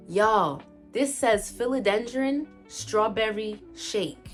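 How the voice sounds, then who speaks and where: Excitable young woman gushing over plant mail to her viewers, mid-pitched voice, soft music playing under her. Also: a little slow. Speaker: plant vlogger. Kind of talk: casual unboxing vlog.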